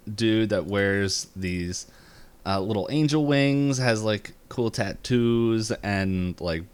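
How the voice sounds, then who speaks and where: A man's voice: low-pitched, clear, resonant tone. A young man co-hosting a podcast, recapping a cartoon episode casually and rambling with lots of "um" and "like". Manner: rambling, full of fillers like "um" and "like". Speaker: podcast co-host.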